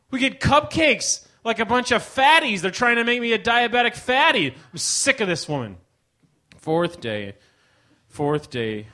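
A man hosting a live comedy show, delivering a mock-outraged stand-up monologue that swings between loud bursts and mumbled asides. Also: high-pitched, big pitch swings, normal speed. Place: live ballroom stage.

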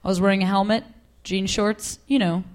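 A young woman doing a stand-up comedy set on a club stage, wry and deadpan with quick asides. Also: mid-range voice. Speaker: stand-up comic.

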